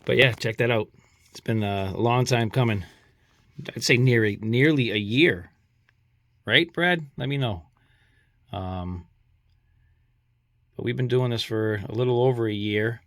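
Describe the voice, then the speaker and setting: Gravelly Boston man chatting about coins. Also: medium pitch, unhurried, pauses often, a bit bright, dry recording. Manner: chatty, rambling, apologetic asides. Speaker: coin collector vlogger. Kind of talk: casual coin review.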